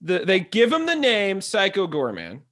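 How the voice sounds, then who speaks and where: A man co-hosting a relaxed film talk, excitable and profane, laughing often. His voice sits slightly high and moves around a lot in pitch. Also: moderate pace. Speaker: podcast co-host. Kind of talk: casual movie review chat.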